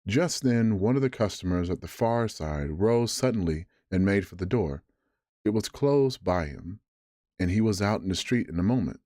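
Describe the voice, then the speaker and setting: A man reading a classic adventure novel aloud as a bedtime story, measured with occasional stumbles over words. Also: on the low side, lively intonation, warm tone, no echo, clean studio sound.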